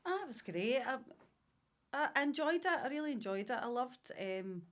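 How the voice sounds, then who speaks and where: A woman's voice: high-pitched, lively intonation, normal speed. A Scottish woman in her fifties with an Ayrshire accent, a podcast guest telling stories about her past with enthusiasm. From Scotland. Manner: warm storytelling, enthusiastic. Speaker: guest, salon director. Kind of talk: casual interview chat.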